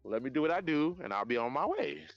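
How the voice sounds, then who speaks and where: A man live-streaming outdoors at night on his phone, chatting in a rambling, profane, animated way. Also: fairly high pitch, fast, gravelly, dry recording, dull audio, soft background music. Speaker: livestreamer. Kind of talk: casual live-stream chat.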